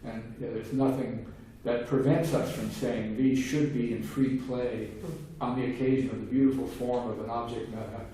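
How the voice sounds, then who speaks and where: A man's voice: medium pitch, steady tone, normal speed, few pauses, dark tone. An older man speaks in a discursive academic manner, with many restarts and fillers. The recording is distant and heavily echoey. Faint background hiss sits under his voice. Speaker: philosophy lecturer. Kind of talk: seminar talk. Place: seminar room.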